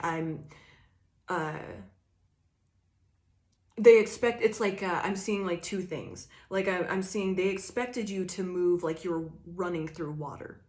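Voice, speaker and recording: A woman's voice: fairly low pitch, a little mellow, echoey room. A woman giving a casual, rambling tarot reading, laughing often and acting out quoted voices. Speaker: tarot reader.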